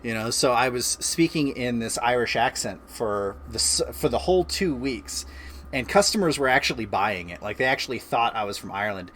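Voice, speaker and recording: A man's voice: medium pitch, expressive, a little fast, fairly bright tone, a little hiss or hum. A man in his thirties hosting a casual chat stream from home, telling a story in a rambling way with frequent restarts and chuckles. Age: 30s. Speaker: streamer host. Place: home, by a fireplace.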